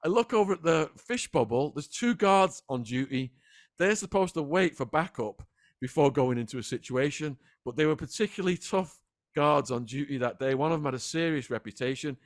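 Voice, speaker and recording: A man guest in a sit-down interview, retelling events in an animated, dramatic way. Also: on the high side, a little fast, dry recording, clean studio sound. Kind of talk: vivid storytelling in a sit-down interview.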